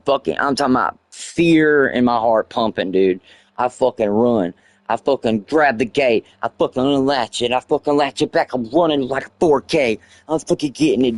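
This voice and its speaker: Male game streamer, mid-range voice, swears freely, tells stories with excitable energy. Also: medium pitch. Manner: profane, excitable storyteller. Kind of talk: casual storytelling while gaming.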